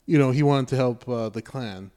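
Podcast co-host, man, mellow and dark-toned, sarcastic and animated storyteller, casual and profane. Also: mid-range voice, normal speed. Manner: animated retelling, acts out characters' lines with sarcasm. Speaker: podcast co-host reviewing a movie.

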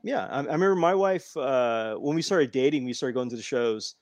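A man's voice: medium pitch, animated, a little fast, darkish tone, no room sound. A man hosting a casual podcast chat and eagerly telling stories, acting out what people said. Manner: enthusiastic storyteller, acts out quotes.

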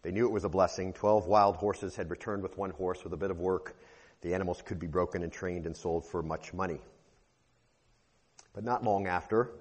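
Man, pastor preaching, scripture reading, very low voice, lingering church reverb. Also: husky. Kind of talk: sermon with scripture reading and storytelling.

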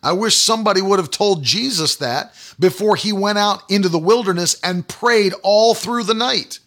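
A man's voice: sits high, normal speed, a bit bright. A man preaching a sermon, emphatic and repetitive, driving points home with rhetorical questions. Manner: emphatic, repetitive call-and-response phrasing.

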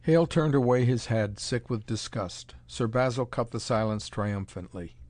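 A man narrating a pulp adventure story in a dramatic, measured reading. His voice sits at an ordinary middle pitch. The recording is close and dry, with no room sound. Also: a little mellow, no room sound.

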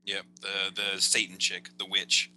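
A man co-hosting a podcast in casual movie chat, talking fast with lots of stammered restarts. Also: deep voice, monotone, pushed and bright. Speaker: podcast co-host.

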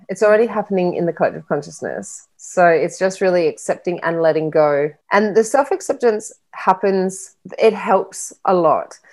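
A woman who works as a spiritual coach and medium, talking earnestly and reflectively in a relaxed interview. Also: on the low side. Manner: earnest, reflective, slow and soft-spoken. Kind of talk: casual interview chat.

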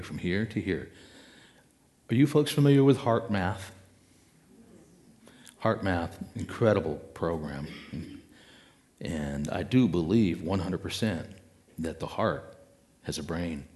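Deep-voiced man giving a slow spiritual talk. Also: darkish tone. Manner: slow, reflective, with dramatic pauses and acted inner voices. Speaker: speaker.

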